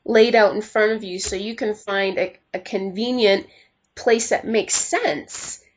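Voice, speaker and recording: A woman co-host keeping score, chiming in with quick, playful remarks in a casual chat. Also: mid-range voice, steady tone. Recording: slightly muffled recording.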